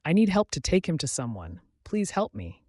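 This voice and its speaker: A man's voice: wildly swooping pitch, moderate pace, darkish tone, slightly rough, dry recording, clean studio sound, full character voice. A man voicing a desperate young woman who pleads urgently for her friend, in a scripted storybook narration. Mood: pleading. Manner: pleading, urgent, raised pitch.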